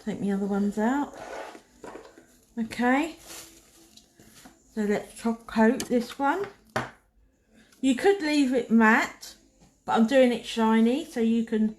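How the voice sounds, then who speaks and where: A woman's voice: fairly high pitch, lively intonation, takes it slowly, long pauses, darkish tone. A woman giving a chatty, casual nail art tutorial, talking herself through each step as she paints. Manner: chatty, talks to herself while working.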